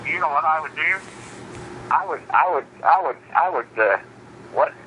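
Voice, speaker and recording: A man's voice: on the high side, lively intonation, moderate pace, pushed and bright, slight background noise, low-quality recording. A man in casual chat who stammers and repeats his words as he reacts to a friend. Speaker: friend listening.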